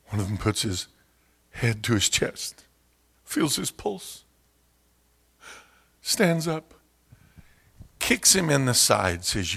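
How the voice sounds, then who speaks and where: Husky-voiced man preaching a sermon. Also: animated, slow, long pauses. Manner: storytelling, acts out quoted voices in loud high bursts. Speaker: pastor.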